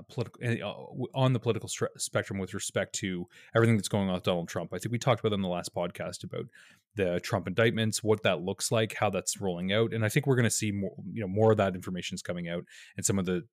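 A man co-hosting a podcast in casual chat, rambling and crude, his sentences trailing off quietly. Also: fairly low pitch, dry recording, clean studio sound. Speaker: podcast co-host.

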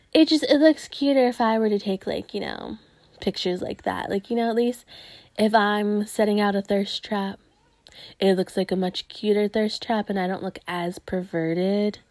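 A woman's voice: fairly high pitch, darkish tone, no room sound. A woman hosting a podcast, ranting in a crude, profane, casual way, full of groans and disgusted sighs. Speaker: podcast host.

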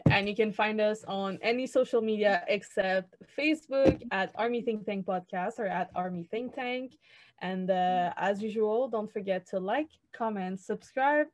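Laughing young woman podcast host. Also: mid-range voice. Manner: laughs often, relaxed filler-heavy talk. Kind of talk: casual chat.

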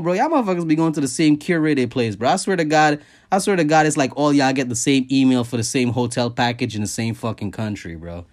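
A man holds forth in a loose, foul-mouthed comic rant, his voice sitting a little above the usual male range. He shoots his pitch sharply upward whenever he wants to stress a point, keeping the talk animated and conversational like a podcast host. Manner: profane, animated, jumps high in pitch for emphasis. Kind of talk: casual comedic rant.

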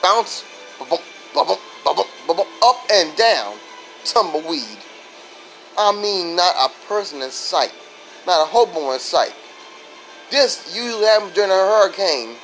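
High-pitched guy rambling through a comedy bit, goofy sound effects, faint music behind. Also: rough recording. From Florida. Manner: animated, rambling, with sudden voice jumps and sound effects. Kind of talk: stand-up style comedic monologue.

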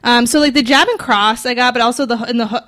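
A woman's voice: fairly high pitch, quick pace, fairly bright tone. Young woman cohosting a podcast, rambly, lots of likes and ums, just chatting. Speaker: podcast co-host. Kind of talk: casual chat.

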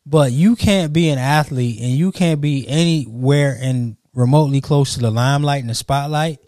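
Measured, argumentative man chatting. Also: mid-range voice, a little mellow, dry recording, studio quality. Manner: argumentative, measured, pushes back with counterpoints. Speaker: podcast co-host. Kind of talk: casual chat.

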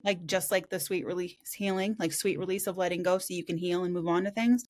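A woman's voice: lowish voice, steady tone, a little fast, a little mellow. A woman hosting a podcast in casual chat, telling stories in a rambling way and swearing freely.

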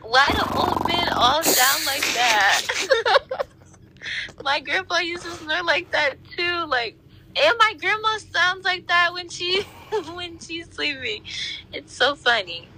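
A woman's voice: very high-pitched, lively intonation, takes it slowly, pushed and bright, a little hiss or hum, low-quality recording. A woman co-hosting a casual podcast, giggly, teasing and protesting, recorded on a phone voice memo app. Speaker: co-host. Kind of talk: casual chat.

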